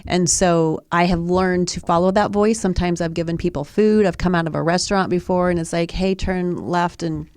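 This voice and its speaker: A woman chats on a podcast with a fairly low voice. She tells her story in a rambling way, restarting her sentences often. The sound is dry and close. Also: fairly even intonation, normal speed, hardly any pauses, a little mellow, dry recording. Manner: rambling with many restarts and fillers. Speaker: podcast co-host. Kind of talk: casual storytelling chat. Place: podcast studio.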